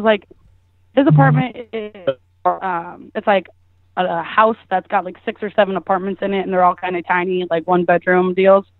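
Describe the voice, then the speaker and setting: A woman's voice: medium pitch, no echo. A young woman calling in and chatting away as she tells a story, laughing often and filling her talk with "like.". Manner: chatty, laughing, lots of "like" fillers. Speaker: caller guest. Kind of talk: casual storytelling. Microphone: phone. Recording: tinny phone line.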